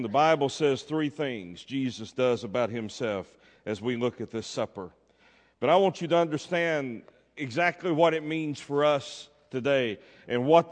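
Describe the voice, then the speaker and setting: Man preaching in church, kinda high voice, leans hard on key words, big hall echo. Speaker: pastor. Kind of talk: sermon. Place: church sanctuary. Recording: long reverb of a church hall.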